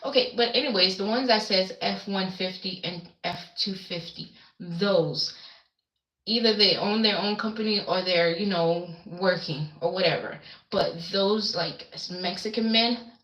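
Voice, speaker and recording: A woman from the Caribbean islands hosts a casual livestream. She talks slowly and rambles from point to point, stopping to answer viewer comments. Her webcam audio has a roomy, echoey sound. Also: mid-range voice, fairly bright tone. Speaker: livestream host.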